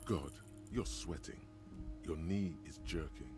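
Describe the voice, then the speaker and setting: A sardonic inner voice of a troubled man, as a streamer puts it on. It rumbles extremely low, dramatic and mocking, narrating every thought. Clear game music runs underneath. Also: takes it slowly.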